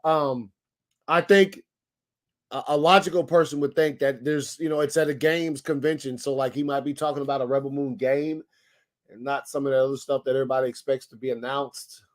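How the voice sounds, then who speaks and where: A young man hosting a casual daily live stream, talking excitedly in slang and greeting viewers in the chat. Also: medium pitch, fairly quick.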